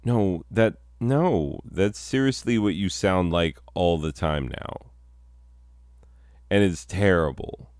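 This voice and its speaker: A man's voice: sits low, slow, a little mellow, dry recording, studio quality. A man performing a solo comedy sketch, rambling and self-mocking, breaking into mock-outraged bursts.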